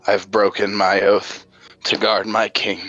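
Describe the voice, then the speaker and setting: A contrite guard who failed his king speaks in a deep, trembling, unhurried voice, as a man acts him out. The sound is dry and slightly dull. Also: little pitch movement, sharp tone, no room sound, faint music behind, heavily acted. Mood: remorseful. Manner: shaky, contrite.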